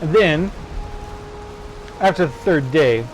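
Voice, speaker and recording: A man's voice: on the high side, slow, a little hiss or hum. Playful man streaming a game. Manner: playful and animated, with laughs. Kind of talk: casual gameplay chat with storytelling.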